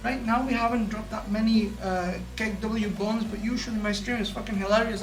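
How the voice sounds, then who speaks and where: A man's voice: high voice, steady tone, a little fast, echoey room. A man live-streaming in a brash, boastful, profane way, tired out. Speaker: livestreamer. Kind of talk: casual live-stream chat.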